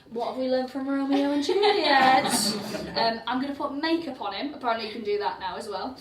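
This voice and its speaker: A woman's voice: high voice, animated, moderate pace, few pauses, crowd noise. A woman comedian co-hosting a live show, telling a crime story with a lot of swearing and laughter, acting out the quotes. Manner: laughing often, profane, acts out quotes. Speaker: comedian co-host. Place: windowless venue at a festival, live audience. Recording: roomy live venue from a distant mic.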